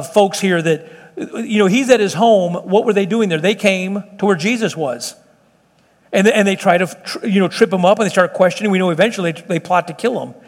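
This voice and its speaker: The recording captures a high-pitched middle-aged man, a pastor, preaching in a church meeting room that sounds like a large hall. He speaks earnestly and conversationally, often starting his sentences over.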